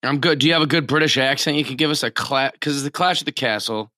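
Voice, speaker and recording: A man's voice: mid-range voice, fast talker, bright, forceful tone, dry recording, studio quality. A man co-hosting a podcast, joking and rambling casually with lots of fillers. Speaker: podcast co-host. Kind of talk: casual chat.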